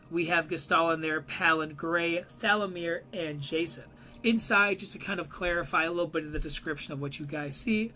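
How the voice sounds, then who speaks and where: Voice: mid-range voice, bright, forceful tone, low-quality recording. A game master narrating a tabletop role-play game in a loose, rambling way with many fillers.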